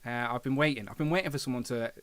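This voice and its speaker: A man's voice: mid-range voice, very fast, a bit bright, clear, resonant tone, no room sound. A man from England with a Coventry accent, hosting a casual live stream, chatty and self-deprecating and laughing often. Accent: English, Coventry.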